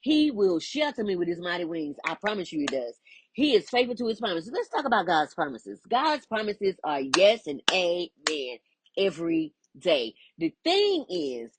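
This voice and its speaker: A woman giving a lively, inspirational faith talk, playful and quick to laugh, with folksy asides. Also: lowish voice, background noise. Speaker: spiritual teacher.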